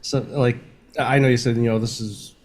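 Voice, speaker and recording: A man's voice: medium pitch, fairly even intonation, normal speed. Laid-back guy on a sports podcast, chuckling his way through spicy wings. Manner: easygoing, laughs it off while eating hot wings. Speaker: co-host. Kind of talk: casual sports podcast chat.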